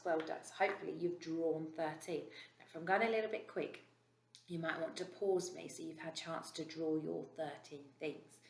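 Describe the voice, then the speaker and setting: A British woman with a slightly low voice teaching a recorded maths lesson to small children. She speaks slowly and clearly, full of encouragement. The room has a noticeable echo and a faint hiss underneath. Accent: British English. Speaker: reception class teacher.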